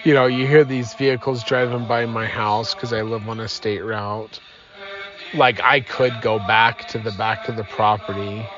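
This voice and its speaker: A man's voice: lowish voice, steady tone, normal speed, lo-fi sound, music in the background. A man hosting a podcast from inside his car, sleepy and yawning, rambling and self-deprecating with many fillers. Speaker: podcast host. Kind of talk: casual rambling podcast talk.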